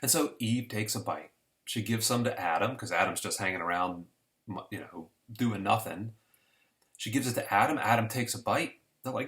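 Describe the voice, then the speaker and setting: A man's voice: fairly low pitch, moderate pace, fairly bright tone. A man teaching an introductory economics lesson in a conversational, storytelling way with homespun examples. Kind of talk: casual recorded lesson.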